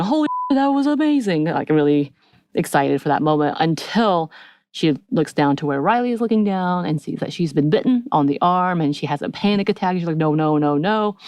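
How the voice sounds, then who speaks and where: A woman's voice: low-pitched, vocal fry, no echo, clean studio sound. A woman co-hosting a podcast, recapping a TV episode in casual chat and acting out the characters' lines as she goes. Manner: lively storytelling, acts out characters' lines. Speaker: podcast co-host.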